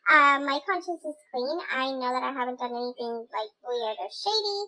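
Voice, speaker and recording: A woman's voice: high-pitched, normal speed, poor audio. A woman telling a personal story casually, swearing and acting out what people said. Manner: animated, swearing, acts out quotes.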